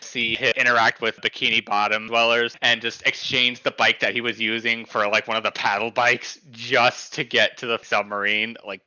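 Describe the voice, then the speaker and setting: Bright-voiced man on a dull lo-fi mic. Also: mid-range voice. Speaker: podcast co-host. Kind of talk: casual chat.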